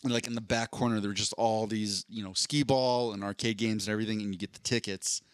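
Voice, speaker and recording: A man's voice: lowish voice, fairly even intonation, quick pace, dry recording, clean studio sound. Rambling, joking male podcast co-host. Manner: rambling, self-deprecating, puts on jokey voices. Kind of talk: casual chat.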